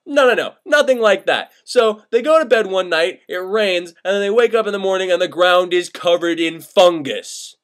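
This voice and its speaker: A man's voice: sits high, a bit bright. A young man retelling an old myth as profane comedy, sarcastic and exasperated, swearing freely. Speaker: comedic storyteller.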